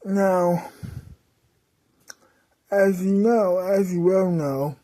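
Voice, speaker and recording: A woman tells a comic story at an unhurried pace, her voice mellow and soft-edged. She plays it dramatically, stopping to correct herself and sometimes bursting out. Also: fairly low pitch. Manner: dramatic, with self-corrections and sudden outbursts. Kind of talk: comedic storytelling.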